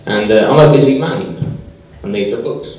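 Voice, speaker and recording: A man performing a stand-up comedy set on a small club stage, delivering deadpan one-liners with hesitant fillers. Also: medium pitch, quick pace. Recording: echoey, distant, dull live club recording.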